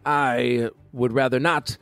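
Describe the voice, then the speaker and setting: Man doing a gravelly monster hunter, grandiose, swaggering, bumbling, tabletop game. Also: mid-range voice, fairly even intonation, slow pace, a bit bright, soft background music. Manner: grandiose, jokey, swearing.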